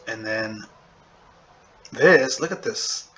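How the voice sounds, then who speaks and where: A language teacher gives a relaxed video lecture in a lowish yet bright, forward voice, thinking aloud with plenty of fillers and checking in with "okay?" and "right?" He slows down to sound out example words for viewers. The audio is a bit dull and lo-fi, with slight background noise.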